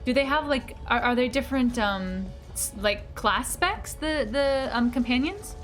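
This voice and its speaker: High, bubbly woman streamer. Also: lively intonation, a little slow, soft background music. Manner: bubbly, giggly, chatty. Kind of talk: casual live-stream chat while gaming.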